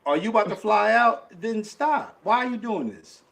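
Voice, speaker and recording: A man's voice: sits high, expressive, moderate pace, creaky, a bit bright. A man, chatting bluntly on a podcast and mimicking other people's voices. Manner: blunt, acts out quoted voices. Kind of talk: casual chat.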